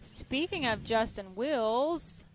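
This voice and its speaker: A woman from Tennessee co-commentating a live off-road race, bubbly, with quick asides. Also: a little high, animated, slight background noise.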